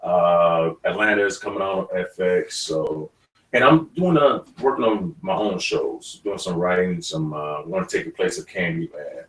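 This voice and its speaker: A man, an actor guest in an interview, telling stories in a lively way and laughing often. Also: low voice, normal speed. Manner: animated storyteller, laughs often. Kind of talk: casual interview talk. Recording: roomy studio, mic at a distance.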